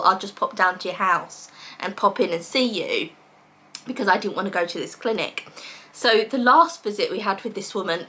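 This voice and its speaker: A young woman from England with a British accent, telling a personal story to camera in a lively way and acting out what others said. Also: fairly high pitch. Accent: British English. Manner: animated, quotes others in dialogue. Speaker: vlogger.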